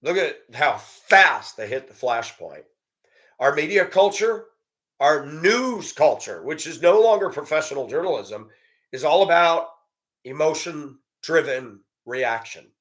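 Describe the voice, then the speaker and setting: A man's voice: on the high side, very animated, a little slow, a bit bright. A man giving a blunt, profane, indignant monologue and telling a story about a run-in. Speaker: commentator. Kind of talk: ranting monologue.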